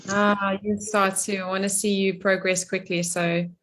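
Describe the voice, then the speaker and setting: A woman's voice: medium pitch, level tone, normal speed, a bit bright. A middle-aged woman life coach running a live online coaching session over a video call, chatty and laughing often.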